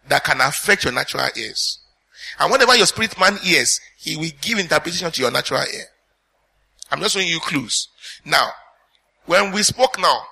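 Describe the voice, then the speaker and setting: A man's voice: fairly high pitch, vocal fry, bright, forceful tone, breathy edge. A man preaching a sermon as pastor, teaching earnestly and putting questions to the congregation.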